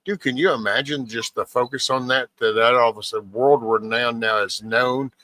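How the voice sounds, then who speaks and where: A man's voice: mid-range voice, steady tone, normal speed, bright, forceful tone, no echo. A man in casual conversation, rambling and restarting his sentences. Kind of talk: casual podcast chat.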